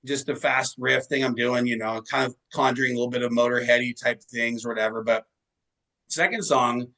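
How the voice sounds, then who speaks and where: Bright-voiced man telling rambling stories. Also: medium pitch, steady tone, brisk, low-quality recording. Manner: rambling anecdotal storytelling, swears freely. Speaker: musician guest. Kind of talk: casual interview chat.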